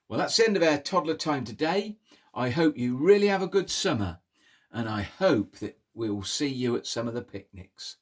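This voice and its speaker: Lively husky man telling a toddler story. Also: medium pitch. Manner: animated, sing-song, coaxing children to pull faces. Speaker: children's storyteller.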